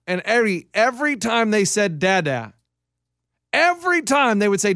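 A man with a high, light voice tells stories about his young kids, mimicking their whiny lines with quick bursts of speed. The sound is close and dry, with no room around it. It is loose, friendly podcast banter. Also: dry recording. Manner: animated storyteller acting out his kids. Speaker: podcast co-host. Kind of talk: casual chat.

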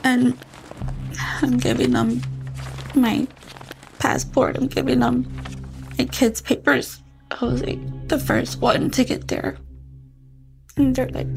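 Woman, mother, urgent storytelling, gravelly, music bed. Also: sits high, level tone, slow pace, long pauses. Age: adult, mother of children. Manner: breathless, urgent retelling that re-enacts quoted voices. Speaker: interviewee recounting events. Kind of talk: emotional first-person storytelling.

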